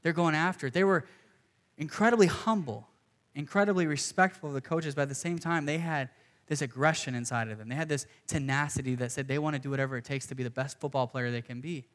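A man's voice: fairly high pitch, fast, a bit bright. Earnest conversational young male preacher. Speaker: pastor. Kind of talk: sermon.

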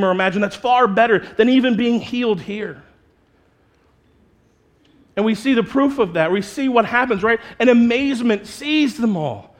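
Animated, high-voiced male pastor preaching. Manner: animated, conversational preaching with playful put-on quotes. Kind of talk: sermon.

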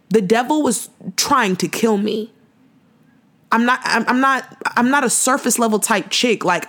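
A young woman with a somewhat high voice hosts her own podcast, delivering a fervent faith testimony. She speaks in a driving preaching cadence, hammering phrases again and again in casual slang. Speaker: podcast host.

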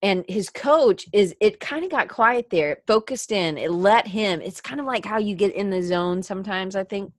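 A woman's voice: mid-range voice, expressive, moderate pace, hardly any pauses, no echo, clean studio sound. A woman hosting a podcast, tearful and talking in a rambling, heartfelt motivational monologue. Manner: rambling with restarts and filler words. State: teary, crying. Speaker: podcast host.

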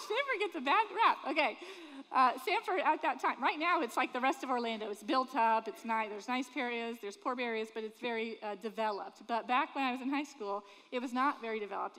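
A woman's voice: a little high, fairly bright tone. A woman from Florida preaching a sermon in an earnest, conversational way, full of rhetorical questions. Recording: long reverb of a large hall.

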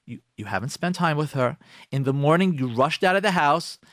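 Animated rabbi giving blunt marriage advice. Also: male voice, a little high, no room sound, studio quality. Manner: animated, acts out imagined husbands and wives in quick asides. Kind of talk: radio talk monologue. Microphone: close studio microphone.

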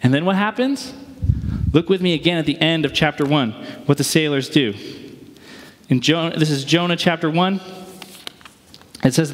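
A man's voice: fairly high pitch, normal speed, pauses often. A male pastor giving a sermon in a casual, conversational way with slang and rhetorical questions, in a church. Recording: long hall reverb.

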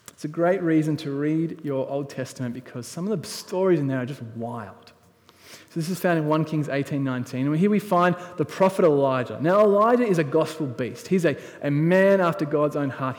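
A man preaches to his congregation, retelling the story with animated shifts from hushed to emphatic. His voice sits high for a man. The sound rings out with the long reverb of a church hall. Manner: animated storytelling with big swings from quiet to loud. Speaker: pastor. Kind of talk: sermon.

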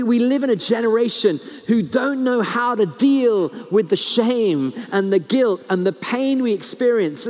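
A male pastor preaching a sermon, telling stories earnestly and slowing down to stress key words. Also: high-pitched. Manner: earnest storytelling, slows down for emphasis, frequent restarts. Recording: long hall reverb.

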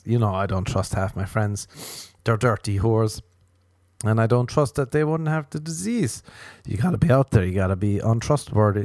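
An Irish man giving a crude, rambling comedic monologue with animated asides. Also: on the low side, dry recording, clean studio sound. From Ireland.

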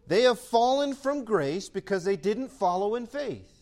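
A male pastor preaching a sermon to his church, animated and conversational, sometimes acting out imagined voices. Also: high voice, unhurried.

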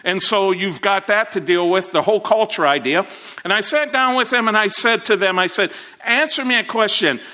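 A high, bright male preacher's voice, telling a story from the pulpit. His delivery grows animated and climbs higher as he goes. He often repeats and restarts his words. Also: normal speed. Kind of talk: sermon storytelling.

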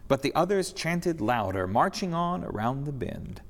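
A man reading a rhyming story aloud during a church service, expressive and sing-song, in a reverberant sanctuary. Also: on the high side, moderate pace.

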